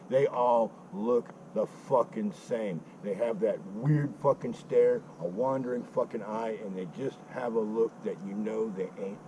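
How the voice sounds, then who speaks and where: A man's voice: medium pitch, dark tone, a little hiss or hum, rough recording. A man telling a story in a blunt, preachy style, swearing constantly, as a motorcycle vlogger outdoors at a forest campsite.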